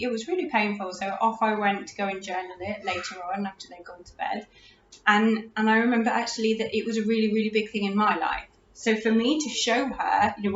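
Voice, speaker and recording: A woman's voice: mid-range voice, a little hiss or hum. A middle-aged woman, hosting a parenting talk in a casual, chatty way, often restarting her sentences. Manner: chatty, restarts, warm laughs. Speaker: parenting podcast host. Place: room at home. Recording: roomy, distant, dull lo-fi audio.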